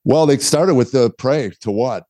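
A man's voice: mid-range voice, unhurried, warm tone, no echo. A middle-aged man, a guest author, telling his story candidly in conversation and acting out the dialogue he quotes. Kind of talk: interview storytelling.

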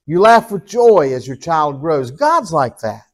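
A man's voice: fairly high pitch, sing-song, a little slow. An older man preaching a sermon in an earnest, folksy, repetitive way. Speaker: pastor.

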